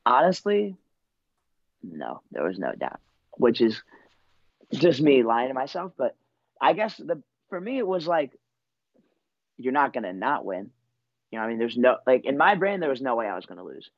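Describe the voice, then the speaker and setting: A man's voice: medium pitch, very animated, moderate pace, pauses often, dry recording, muffled recording. A young man in his twenties, a wrestler being interviewed, telling his story in a laid-back, rambling way full of fillers. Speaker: wrestler guest.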